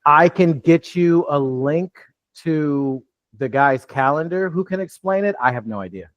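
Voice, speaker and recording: A man's voice: a little high, expressive, unhurried, dry recording, highs cut off. A man from New York coaching a live online training, talking loosely with many restarts over a video call. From New York, USA. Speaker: real estate deal coach.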